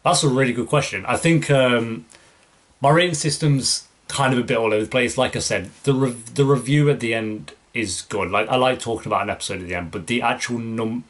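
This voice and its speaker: A young man with a mid-range, slightly bright voice hosts a casual Q&A for his YouTube reaction channel. He answers viewer questions loosely and ramblingly, with plenty of fillers and restarts.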